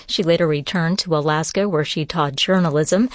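A woman newscaster reading bulletin items in a measured, formal studio delivery. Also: low voice, no room sound. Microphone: studio microphone.

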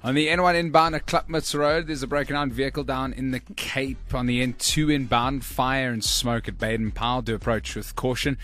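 A man's voice: medium pitch, fairly even intonation, moderate pace, few pauses, fairly bright tone. A South African man co-hosting a radio show, bantering and then reading traffic updates. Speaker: radio co-host and traffic reader.

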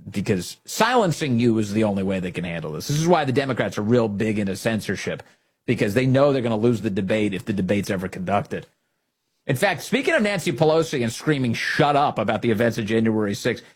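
A man's voice: mid-range voice, breathy edge. A man hosting a political commentary show, talking in a sarcastic, mocking way and laughing at the people he discusses. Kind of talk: opinion commentary.

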